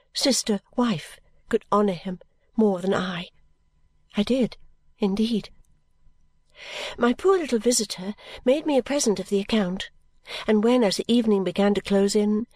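A woman reads a novel aloud in the first person, earnest and tender, with measured phrasing. Her voice sits at a middle pitch. The recording is dry and close, with no room sound. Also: darkish tone, no echo. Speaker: audiobook narrator. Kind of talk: scripted narration of a novel.

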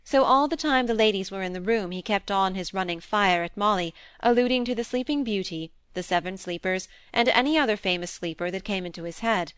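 Woman reading an audiobook, smooth clear voice, dry close sound, calm steady pace. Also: mid-range voice, fairly quick, hardly any pauses, no echo. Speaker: audiobook reader. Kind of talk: scripted narration.

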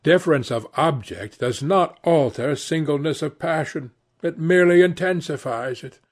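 A man's voice: a little high, normal speed, pitched above the performer's own voice, lightly acted. A man reading aloud and voicing a worldly, epigrammatic aristocrat who speaks in languid paradoxes.

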